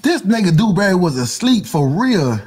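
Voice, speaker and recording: A man hosting a podcast, ranting in comic commentary with a voice that swings wildly up and down. His tone is husky and a little breathy. He talks in a loud, profane rush and keeps dropping into mock voices and sing-song chants. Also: high voice, sing-song, normal speed. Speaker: podcast host. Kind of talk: comedic commentary rant.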